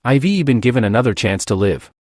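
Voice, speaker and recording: A man's voice: medium pitch, expressive, a little fast, darkish tone, no room sound, clean studio sound, lightly acted. A man voicing an anxious young male bounty hunter who plans for his team. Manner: worried and lovestruck.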